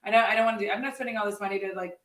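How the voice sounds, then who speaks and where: Casting: woman host, bright and blunt, lots of laughter, recorded in an echoey room off-mic. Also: mid-range voice, very fast, recorded from a distance. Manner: animated, laughs often, blunt and swears. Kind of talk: casual chat.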